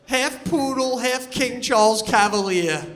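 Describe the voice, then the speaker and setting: A man performing stand-up comedy on stage, telling stories in a loud, animated way and yelling his punchlines. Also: very high-pitched, unhurried, long reverb tail. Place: comedy stage before a live audience.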